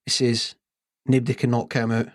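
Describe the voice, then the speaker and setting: A man, co-hosting a sports podcast and telling a long pub joke in an unhurried, deadpan way. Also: mid-range voice, dry recording, studio quality. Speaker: podcast co-host.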